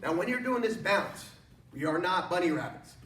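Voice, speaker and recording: A high-voiced man teaching an online martial arts class from his studio, energetic and joking as he coaches. The room is echoey and he stands well back from the mic. A faint hiss sits under the voice. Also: normal speed, recorded from a distance. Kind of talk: online workout class instruction.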